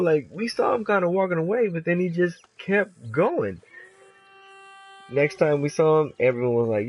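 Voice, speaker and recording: Young male streamer, chatty storyteller, profane, filler-heavy, average pitch. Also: moderate pace, poor audio. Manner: animated, profane, lots of "like" fillers. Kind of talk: casual storytelling while gaming.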